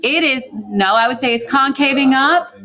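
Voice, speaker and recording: Brisk woman teaching a math class. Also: high-pitched, bright, forceful tone. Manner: brisk, asks the class questions and answers them. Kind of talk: classroom lecture with questions to students.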